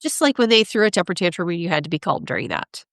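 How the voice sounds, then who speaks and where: Animated woman expert, very dry sound. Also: on the low side, fast, dry recording. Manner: animated, acts out parents and kids in quoted voices; frequent laughs and "right?" tags. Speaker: guest expert. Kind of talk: conversational interview.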